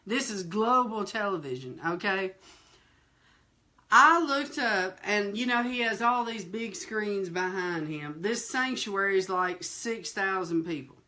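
A woman hosting a fireside chat, telling a personal testimony in a lively, colloquial way and talking straight to her listeners. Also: medium pitch, a little slow. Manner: animated, laughing, acts out quoted voices; colloquial, addresses listeners directly. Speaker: ministry host.

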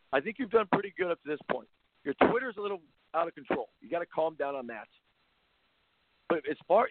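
Hosting a talk show in the role of a basketball coach, a man with a fairly high voice delivers a blunt, sarcastic rant full of repetition. It sounds like opinionated talk radio over a dry phone line.

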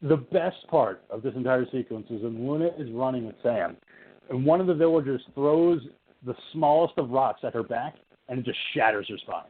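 Male podcast co-host, slightly husky, rowdy and sarcastic as he picks apart a horror movie, lo-fi tinny sound. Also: medium pitch, moderate pace. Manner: animated, swearing, mocking characters in silly voices. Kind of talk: casual film discussion. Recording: tinny phone-like audio.

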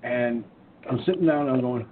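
A man's voice: medium pitch, a little fast. A man hosting an online talk radio show, chatting and telling stories about doing voices. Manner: talkative, storytelling, chuckling at himself. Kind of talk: casual chat. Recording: tinny phone-line audio with faint noise.

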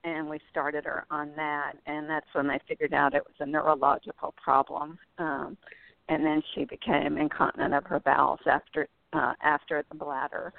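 A woman's voice: deep voice, level tone, normal speed, gravelly, no echo. A woman calling a radio show, emotional and earnest, explaining things in detail. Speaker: caller. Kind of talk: phone call to a radio show. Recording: dry tinny phone line.

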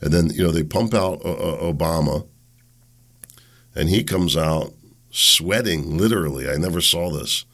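A man's voice: rumbling low, moderate pace, fairly bright tone. A man hosting a solo political talk show, blunt and sarcastic, rambling with restarts.

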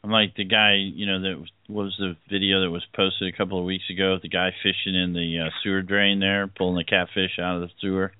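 Man, host, casual radio chat, rambling, smooth low voice, dry, phone-line sound. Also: little pitch movement, a little fast, hardly any pauses, no echo. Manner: easygoing, rambling with many fillers and chuckles.

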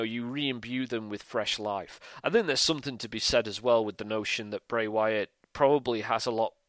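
A man's voice: mid-range voice, sharp tone, dry recording. A man hosting a solo podcast, talking animatedly with rhetorical questions and frequent ums and restarts. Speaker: show host.

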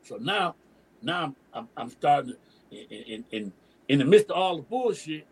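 On a podcast, a middle-aged Detroit DJ and emcee keeps the floor with a long, casual story in loose, cursing street talk, performing the voices of the people he quotes. His tone is husky and slightly gravelly, sitting a touch high for a man, and he speaks at a normal speed over poor audio.

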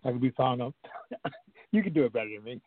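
Male open-mic poet, rhythmic measured reading, phone-line sound. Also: mid-range voice, expressive, breathy edge, no room sound. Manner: measured, rhythmic rhyming delivery. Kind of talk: spoken-word poetry reading. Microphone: phone call-in.

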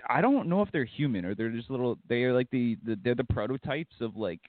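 Lively, joking man on a podcast. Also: mid-range voice, brisk, no echo. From Canada. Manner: profane, joking, laughs while reading. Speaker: podcast co-host. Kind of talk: casual podcast chat. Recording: phone-like dry sound.

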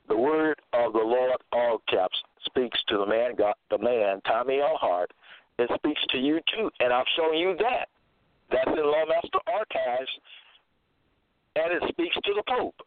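A man's voice: medium pitch, no echo. Man preaching over a tinny phone line. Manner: emphatic, repeats phrases, spells out words. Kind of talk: scripture-reading sermon.

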